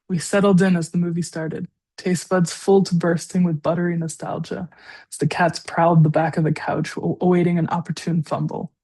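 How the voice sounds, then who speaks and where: A woman's voice: lowish voice, dark tone. A woman in her forties, a guest writer, reading her own personal essay aloud with a tender, darkly funny touch. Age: 40s.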